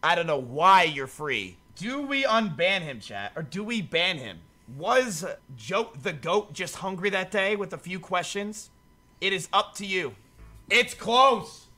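A man streaming casually, talking to his chat in an animated way and swearing freely. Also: high-pitched, unhurried. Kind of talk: casual livestream commentary.

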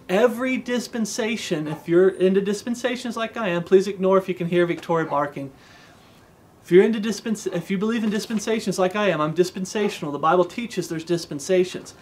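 A man with a notably high voice preaches a relaxed devotional sermon. He talks earnestly and plainly, reciting scripture in old-fashioned wording and pausing to ask his listeners "okay?". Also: a little hiss or hum. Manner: earnest, conversational, often checks in with "okay?"; recites King James scripture aloud.

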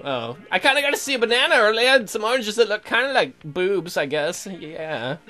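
Lively bright-voiced man joking through a game. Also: high-pitched, a little fast. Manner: jokey, reacts aloud to the game. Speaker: let's play host. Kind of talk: casual gameplay commentary.

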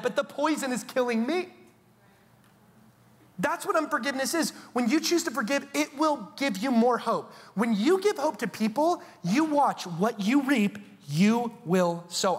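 A man preaching a sermon as a TV show host, telling the story in an animated, playful way with asides. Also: extremely high pitch, long reverb tail.

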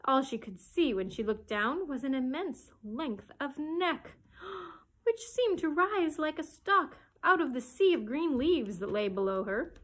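A children's librarian reading a storybook aloud for children, with expressive storytelling. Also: female voice, high voice, measured pace, low-quality recording.

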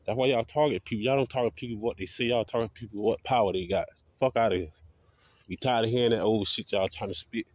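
A man's voice: fairly low pitch, quick pace, dry recording. A man delivering a profane, defiant, repetitive rant to camera as a video blogger. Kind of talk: ranting monologue to camera.

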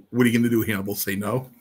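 A man telling stories from his wrestling career in an interview, animated and blunt, with salty language. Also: fairly low pitch, breathy edge. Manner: animated, acts out the people in his story. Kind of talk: casual anecdotal storytelling.

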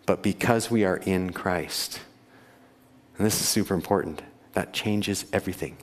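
A male pastor delivers his sermon in an easy, conversational way, chuckling and putting questions to the congregation. His voice sits on the low side. The sound carries the long reverb of a church sanctuary. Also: normal speed. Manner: conversational, laughs often, asks the congregation questions.

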